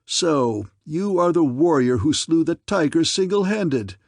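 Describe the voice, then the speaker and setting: A man's voice: sits high, very animated, moderate pace, no room sound, studio quality, voice pushed up. A man voicing a cruel, diseased old male leper king who screams in rage and pleads when threatened. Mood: furious.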